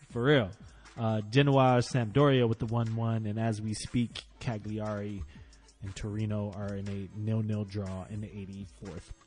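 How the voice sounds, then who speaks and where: A man talks through the weekend's football results in a loose, casual chat. He swears freely, and his voice jumps up and gets loud whenever a team frustrates him. Faint music plays underneath. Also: lowish voice, measured pace. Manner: animated, swearing, swings loud when frustrated. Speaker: podcast host.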